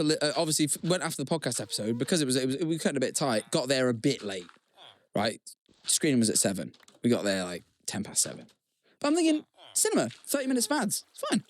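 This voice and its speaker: A young man co-hosting a podcast, telling stories in casual chat with lots of swearing and repeated words. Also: fairly high pitch. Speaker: podcast co-host.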